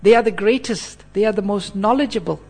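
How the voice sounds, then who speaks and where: Male preacher with a high voice, earnest and unhurried, explaining scripture to a class. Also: soft background music. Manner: earnest, checks in with listeners by asking "hmm?". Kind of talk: sermon.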